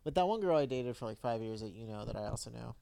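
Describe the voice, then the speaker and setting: Late-20s man, podcast co-host; tired, gravelly, rambling frustrated chat. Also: medium pitch, animated, quick pace, warm tone, a little hiss or hum. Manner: rambling, profane, frustrated venting. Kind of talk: casual chat.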